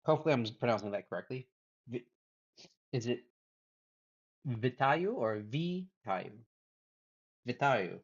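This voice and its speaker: A man's voice: medium pitch, lively intonation, brisk, long pauses, husky. Guy on a drawing stream, half talking to himself, half to chat, kinda dull lo-fi sound. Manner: mutters to himself while working, then greets chat. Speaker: illustration livestreamer.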